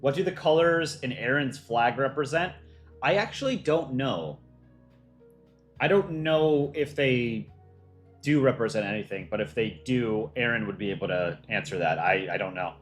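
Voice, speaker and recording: A man hosting a casual livestream for a cartoon channel, reading viewer questions and thinking aloud in a relaxed, offhand way. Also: mid-range voice, normal speed, soft background music. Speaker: livestream host for a countryball animation channel.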